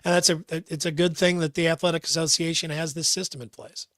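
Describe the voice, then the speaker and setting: A man's voice: a little high, little pitch movement, a little fast, fairly bright tone, no echo, studio quality. A man co-hosting a sports talk radio show, earnest and thinking aloud, often repeating words as he works out a point. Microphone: studio microphone.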